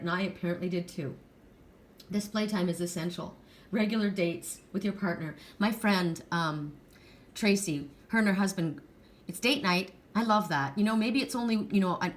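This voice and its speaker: Emotional, rambling woman reading cards. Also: on the low side. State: tearful at times. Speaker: tarot card reader. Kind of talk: pick-a-card reading monologue.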